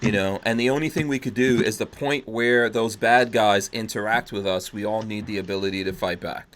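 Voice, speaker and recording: A man's voice: on the low side, steady tone, brisk, a bit bright. A man hosting a podcast, chatting loosely and reading out viewer comments. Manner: loose and joking, trails off and restarts. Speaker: podcast host.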